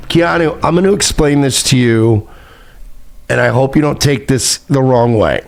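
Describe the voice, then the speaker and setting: A man's voice: mid-range voice, expressive, normal speed, vocal fry, soft background music. A man streamer delivering heated, profane, repetitive commentary, ranting and reacting to clips. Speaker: streamer host.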